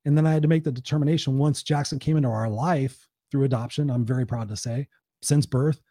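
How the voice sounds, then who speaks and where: A middle-aged man, a motivational speaker, hosting a casual livestream and talking in an energetic, emphatic, profane way. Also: medium pitch, husky, dry recording, studio quality.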